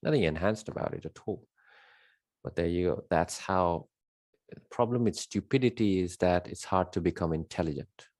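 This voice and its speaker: Deep-voiced man, dry close sound. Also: normal speed, darkish tone, no echo. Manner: emphatic, repeats key words, rambling with fillers. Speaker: spiritual teacher. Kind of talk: unscripted spiritual monologue.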